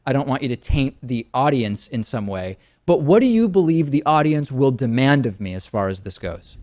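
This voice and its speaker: A man hosting a talk show, chatting in a dry, measured, lightly joking way. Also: medium pitch, very animated, a little mellow. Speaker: show host. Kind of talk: casual talk show banter.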